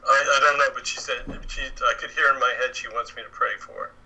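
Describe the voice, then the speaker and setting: A man who is a guest on a show, answering calmly and easily in casual conversation. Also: medium pitch, fast talker, low-quality recording. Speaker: guest psychic medium.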